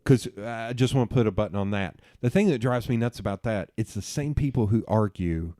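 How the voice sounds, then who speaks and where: A man's voice: fairly low pitch, brisk, warm tone, no echo, clean studio sound. A man with a Southern US accent, a podcast guest telling stories in casual political chat, with frequent filler sounds.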